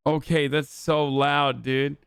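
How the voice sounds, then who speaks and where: A young man of Turkish origin, hosting a live stream with profane, animated ranting commentary. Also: a little high, takes it slowly, gravelly, loud music behind the voice. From Turkey.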